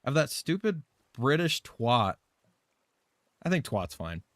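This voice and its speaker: A man's voice: mid-range voice, big pitch swings, takes it slowly, fairly bright tone, no echo, studio quality. A man live streaming a game, chatting casually in a loose, rambling way, swearing and laughing often.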